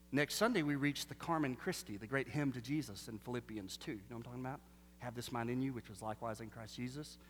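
A man preaching a sermon, animated and full of rhetorical questions, swinging between loud bursts and hushed lines. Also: medium pitch, a little hiss or hum. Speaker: pastor. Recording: long reverb of a large hall.

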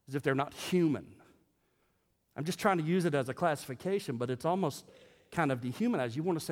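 A man preaching a sermon, moving from a relaxed, joking tone to emphatic preaching. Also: fairly high pitch, in a large hall. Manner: conversational and humorous, rising to emphatic preaching. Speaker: pastor. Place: church sanctuary.

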